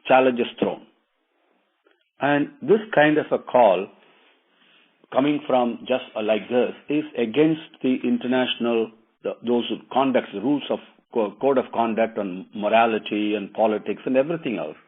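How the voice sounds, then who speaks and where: Man; husky, conversational storyteller with moral asides; phone-thin audio. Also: medium pitch, moderate pace. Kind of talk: informal retelling of an epic. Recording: tinny phone-like line.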